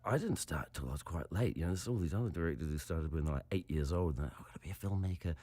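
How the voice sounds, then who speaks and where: Lively deadpan man, New Zealand accent. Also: a bass voice, fast, breathy edge. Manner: deadpan, self-deprecating. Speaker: actor in a comic clip. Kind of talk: comic self-mocking monologue.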